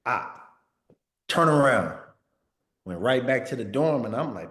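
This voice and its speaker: Man in his 30s telling a story in an interview, easygoing slang, lots of "like" and "bro", mid-pitched voice. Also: animated, unhurried, heavy background noise. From Northern California. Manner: laid-back slang, frequent "like" and "bro", repeats words. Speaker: former pro football player, guest. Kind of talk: casual storytelling in a sit-down interview.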